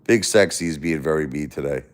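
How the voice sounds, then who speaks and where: A livestream host reads chat and angrily lectures and insults a commenter, heavy on profanity. He speaks briskly, swinging between loud outbursts and low muttering in his rant.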